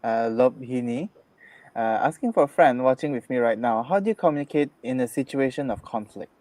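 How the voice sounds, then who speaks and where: A man's voice: medium pitch, brisk, a little mellow, dry recording. Host reading out viewer questions, a man with a mid-range voice, short and agreeable, dry sound. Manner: brief, agreeing interjections.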